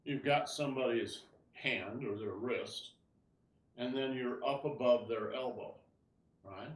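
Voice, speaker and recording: A man's voice: mid-range voice, unhurried, roomy sound, recorded from a distance. A man teaching an online tai chi class, explaining moves as he demonstrates and often asking "right?".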